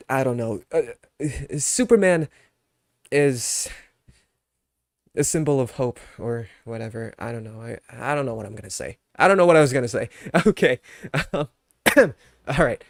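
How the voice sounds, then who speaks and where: A young man chats casually on his live stream, ranting at his chat with mock anger before laughing and apologizing. His voice is medium pitch, recorded with studio quality and no echo.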